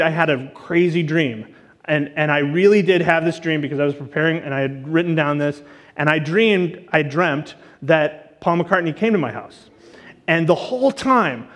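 A man giving a casual, chatty sermon as a guest teacher, full of asides and fillers. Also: high-pitched. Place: church auditorium. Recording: long church reverb.

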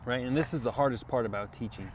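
Man, mid-pitched, earnest casual sermon, repetitive, faint street noise behind. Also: quick pace. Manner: earnest, repetitive, conversational, with many "you know" and "right?". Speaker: Bible teacher.

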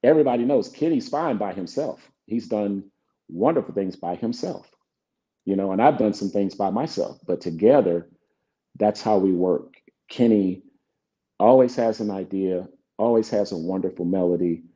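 A man's voice: fairly low pitch, normal speed, dark tone. A middle-aged man, a songwriter guest, telling stories in an interview and acting out old conversations. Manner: acts out both sides of past conversations. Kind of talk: relaxed interview storytelling. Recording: dull lo-fi sound.

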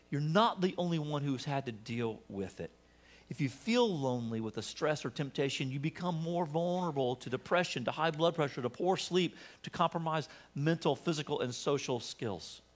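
A man preaching a sermon as pastor in a church, talking casually and joking with the congregation. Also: on the high side. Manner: conversational, humorous, asks the congregation questions. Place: church sanctuary.

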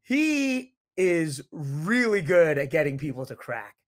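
Animated young man telling stories. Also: a little high, slow pace. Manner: animated storyteller, quotes others in lively voices. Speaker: podcast guest, reality show contestant. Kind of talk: casual chat.

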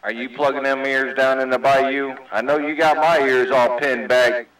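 A mid-pitched man runs a CB radio chat with friendly, joking banter and plenty of radio lingo. His voice sounds roomy and a little distant. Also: little pitch movement, moderate pace, a bit bright. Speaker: CB radio host.

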